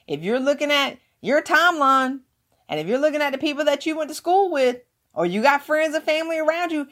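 A woman's voice: sits high, fairly bright tone. A woman giving an emphatic motivational talk, hammering points home with repeated words. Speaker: motivational speaker.

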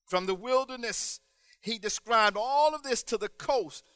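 A man preaching a sermon in a rhythmic style, building to loud, shouted emphasis and then dropping to quiet, drawn-out phrases. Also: very high-pitched, smooth, no echo.

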